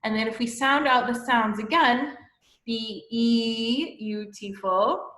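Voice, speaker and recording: A woman teacher giving a lesson to young children, explaining slowly and patiently and often checking with "okay?". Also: on the high side, fairly bright tone. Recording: echoey room.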